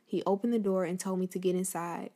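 A woman's voice: on the low side, fairly even intonation, fast, warm tone. A woman talking casually to her listeners about a piece of history, then reading a book passage aloud. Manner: addresses listeners directly, conversational. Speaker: host telling a history story.

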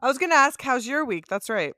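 A woman's voice: sits high, very animated, fast talker, bright, forceful tone, dry recording, studio quality. A young woman co-hosting a casual podcast, bubbly and enthusiastic, laughing often. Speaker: podcast co-host. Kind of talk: casual chat.

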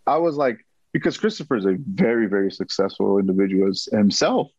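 A man telling a story as an interview guest, animated and acting out quotes, often repeating himself. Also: lowish voice, a little fast, slightly rough, no echo, lo-fi sound.

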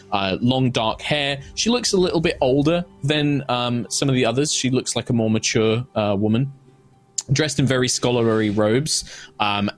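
A man narrating a tabletop game as game master, rambling with many fillers. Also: medium pitch. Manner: rambling, filler-heavy description.

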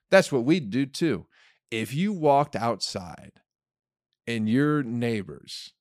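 Animated, profane male comedian podcast host. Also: mid-range voice, dry recording, clean studio sound. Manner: rambling, profane, acts out hypothetical scenes. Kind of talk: casual monologue.

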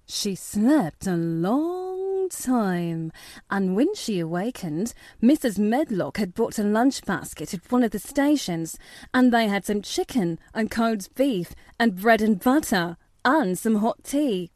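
A woman giving steady, measured scripted narration of a children's classic for an audiobook. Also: mid-range voice, dry recording, clean studio sound.

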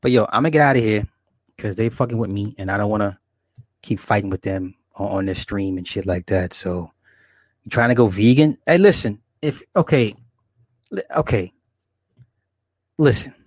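With a lowish, slightly mellow voice, a livestream host in his forties talks at a moderate pace and pauses often, in a dry studio-quality recording. He chats casually while reading comments, rambling, swearing, laughing often and addressing viewers directly.

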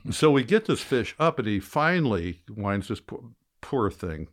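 An older man, a former fishing guide, telling a lively story in casual conversation and shouting out the quoted lines. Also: fairly low pitch, measured pace.

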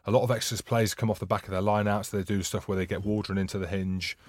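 Low-voiced man explaining rugby tactics. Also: fairly even intonation, no echo. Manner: explanatory, measured, breaks down tactics. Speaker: podcast co-host, retired rugby player. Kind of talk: casual chat.

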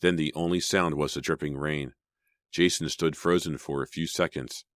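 A man's voice: very deep voice, fairly even intonation, normal speed, fairly bright tone, no room sound, studio quality. A man reading a horror audiobook in a dramatic, suspenseful storytelling style. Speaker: audiobook narrator. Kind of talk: scripted audiobook narration.

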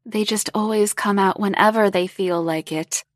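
A woman voicing a confident, teasing older woman who speaks in a slow, purring, coaxing way. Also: mid-range voice, steady tone, no room sound, clean studio sound, lightly acted.

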